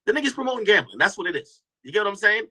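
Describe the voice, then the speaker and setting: A man's voice: high voice, sing-song, racing, pushed and bright, rough recording. Chatty man riffing to his stream chat. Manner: rambling, restarts, slangy, addresses chat. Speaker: host reacting to a stream clip. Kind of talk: casual commentary to a live chat.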